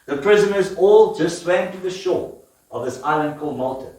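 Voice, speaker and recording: Male preacher, high-pitched, animated storytelling sermon; distant mic in a reverberant church hall. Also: normal speed. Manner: lively storytelling with laughs and questions to the congregation. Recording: echoey church hall from afar.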